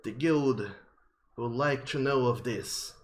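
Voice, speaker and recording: A man's voice: mid-range voice, slow, natural voice. A man voicing a theatrical rescuer in a lizard costume who makes grand, reassuring proclamations. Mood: commanding.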